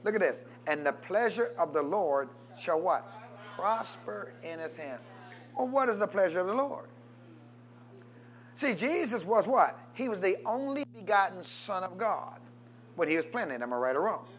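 Man, pastor, high voice, call-and-response sermon, loud calls and quiet asides. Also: animated, moderate pace. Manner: call-and-response preaching, prompting the congregation to answer; swings between loud emphatic calls and low quiet asides.

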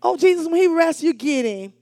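A woman preacher delivers an animated sermon. She calls out to the congregation, swinging from shouts down to near-whispers. Her voice sits high, and the sound is dry and close with little room echo. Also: brisk. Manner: animated and call-and-response, swinging between shouts and hushed asides.

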